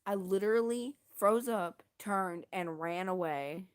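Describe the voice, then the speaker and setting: A young woman chats on stream, telling a story in a loose, rambling way. She leans on slang and pokes fun at herself as she goes. Her voice sits at an everyday middle pitch. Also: unhurried, clean tone. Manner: rambling, self-deprecating, slangy. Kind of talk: casual storytelling.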